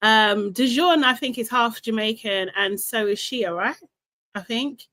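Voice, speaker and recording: A young woman hosts a casual live recap stream, chatty and animated, laughing often and reading out comments from the chat. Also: a little high, measured pace. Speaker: live show host.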